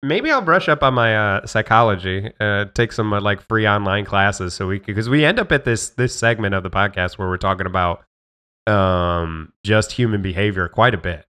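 A man co-hosting a podcast in loose, joking conversation. He rambles and backtracks mid-thought, with a notably bright, forward voice. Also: lowish voice, expressive, normal speed, smooth. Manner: rambling, self-correcting, jokey. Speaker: podcast co-host. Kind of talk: casual chat.

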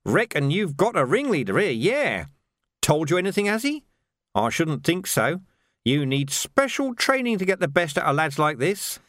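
A man voicing a cruel, sly sergeant who speaks with mocking, slow menace. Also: fairly high pitch, sing-song, fairly bright tone, no echo, clean studio sound, voice pushed up. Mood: menacing.

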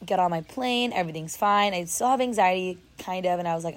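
A storyteller vlogger, a young adult woman, talks fast in a lowish voice as she dramatically and chattily tells a travel story loaded with fillers. The casual storytime begins outdoors before she goes inside.

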